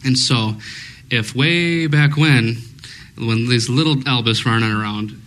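A man's voice: medium pitch, slow, fairly bright tone, poor audio. A man co-hosting a casual fan discussion before a live audience, rambling and thinking aloud with many fillers. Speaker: podcast co-host.

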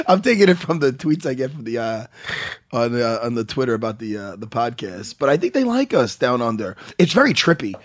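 A man's voice: mid-range voice, very animated, normal speed, no echo. Middle-aged male podcast co-host, rambling and profane, everyday mid-range voice. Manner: rambling, swears a lot, frequent restarts. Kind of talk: casual podcast banter.

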